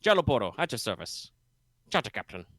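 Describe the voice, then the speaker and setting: A man's voice: mid-range voice, very animated, brisk, fairly bright tone, dry recording. A man voicing a laid-back, shirtless human boat captain in a vaguely Jamaican bayou accent, ending his lines with "man". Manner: easygoing, ends lines with "man".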